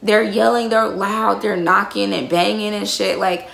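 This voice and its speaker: A woman's voice: medium pitch, fairly even intonation, unhurried, gravelly, a bit bright. A young woman telling a heated, profanity-laced story to her viewers, calling them y'all. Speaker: vlogger. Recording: roomy echo.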